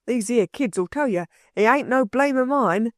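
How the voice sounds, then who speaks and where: A rough burglar, meek and muddled, his slangy working-class talk rambling on, as a woman reader puts him on. The storybook voice sits a little below the reader's own. It is heard dry and close. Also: fairly high pitch, animated, a little slow, no echo. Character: rough-spoken male London burglar, bewildered, meek.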